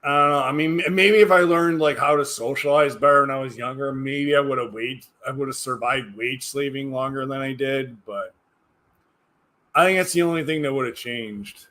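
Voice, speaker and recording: A man's voice: medium pitch, normal speed, sharp tone. A tired man chatting casually on a livestream, rambling and hesitant, often trailing off into mumbles. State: tired, yawning. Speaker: livestreamer reading chat.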